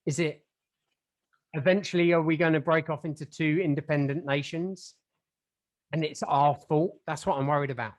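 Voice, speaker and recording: A man's voice: a little high, fairly even intonation, normal speed, long pauses. Rambling self-mocking English man. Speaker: podcast co-host. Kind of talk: casual chat.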